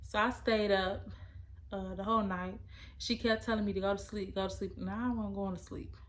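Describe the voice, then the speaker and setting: A young adult woman tells a personal story in casual speech. Her delivery is emotional and halting, and her voice sits at a middle pitch. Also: steady tone.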